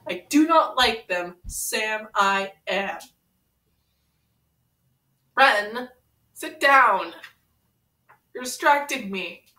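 A woman's voice: a little high, expressive, extremely slow, pauses often, bright, forceful tone, exaggerated voice. A woman playing brash, teasing Yang. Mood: playful. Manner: impatient, teasing, reads aloud in a sing-song voice. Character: brash, pun-loving young woman brawler. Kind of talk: comedic fan parody. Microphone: camera mic set far away. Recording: roomy room, mic far away.

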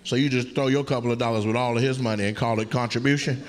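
A man's voice: mid-range voice, fairly even intonation, quick pace, noisy background. A male stand-up comedian doing crowd work, teasing audience members in a brash, profane way. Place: comedy club stage before a laughing audience. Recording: live club audio with loud crowd laughter.

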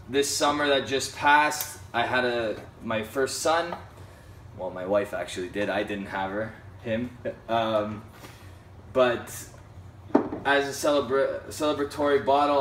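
A man's voice: medium pitch, fairly bright tone, a little hiss or hum. Young guy doing a whisky review, um-heavy and blunt, sounds a bit far from the mic, echoey room. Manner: frank, hesitant with many ums, apologetic asides. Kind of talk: casual review vlog. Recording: roomy, slightly distant mic with faint ambience.

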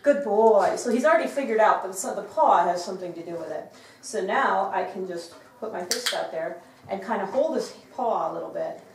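A woman dog trainer explaining a trick to viewers, breaking off to praise the dog with a bright, loud voice. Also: mid-range voice, animated, a little fast, creaky, a little hiss or hum. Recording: roomy, from some distance, faint clicks.

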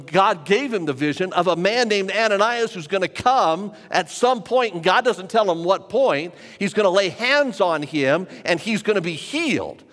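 Man, pastor, sermon, fairly high voice, repeats phrases for emphasis, long church echo. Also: fairly bright tone. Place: church sanctuary with a live congregation.

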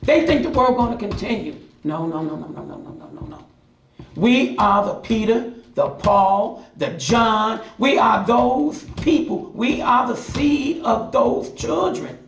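High, gravelly man hollering a Bible lesson. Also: lively intonation, a little slow, a little hiss or hum. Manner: passionate, hollering, repetitive emphasis. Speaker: Bible study teacher. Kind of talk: preaching Bible study lesson. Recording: echoey room, mic at a distance.

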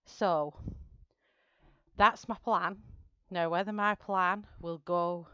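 Chatty woman, smooth lowish voice. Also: steady tone, takes it slowly, a bit bright, dry recording, dull audio. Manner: chatty, greets viewers by name, explains her plan step by step. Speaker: live stream host. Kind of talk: casual live-stream chat while colouring.

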